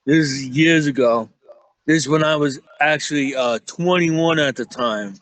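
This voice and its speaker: A man's voice: on the high side, a little slow, a bit bright, low-quality recording. Profane New York man telling stories. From Staten Island, New York. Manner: profane, rambling, acts out quotes. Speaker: guest storyteller. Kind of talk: casual storytelling chat.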